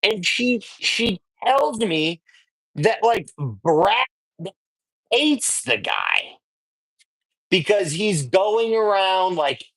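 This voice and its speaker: A man's voice: high-pitched, wildly swooping pitch, very slow, fairly bright tone, dry recording, rough recording. A man hosting a sports card show, telling a story in a chatty, rambling way and often checking in with "right?". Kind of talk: casual storytelling. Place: sports memorabilia shop.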